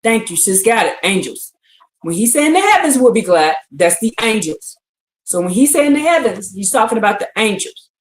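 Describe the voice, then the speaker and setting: A woman's voice: mid-range voice, very animated, normal speed. Woman, livestream Bible teacher, repetitive emphatic delivery, roomy echo. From United States. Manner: repetitive, emphatic, often asks "you see what I'm saying?". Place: indoors on a livestream, answering chat.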